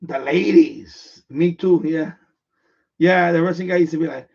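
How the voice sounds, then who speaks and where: A man with a somewhat high, darkish voice speaks unhurriedly, with vocal fry and a breathy edge. He's hosting a live stream and chatting casually, telling a rambling, repetitive story full of restarts. He sits far from the mic, so the sound is dull and lo-fi.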